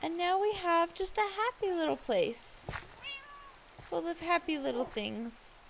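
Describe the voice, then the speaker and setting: A woman chatting casually while building in a game, gushing over the animals and cooing at them softly. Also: very high voice, measured pace, creaky, slight background noise. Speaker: Minecraft builder. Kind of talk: casual gameplay commentary.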